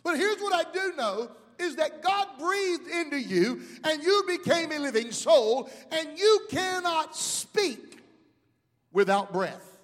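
High-voiced preacher man in an echoey hall. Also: big pitch swings, takes it slowly, a bit bright. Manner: preaching with call-outs to the congregation. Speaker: pastor. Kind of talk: sermon.

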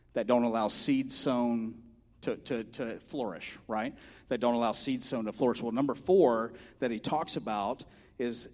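A middle-aged man preaching a sermon as pastor, chatty and often asking "right?", rising to loud, impassioned preaching. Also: mid-range voice, in a large hall.

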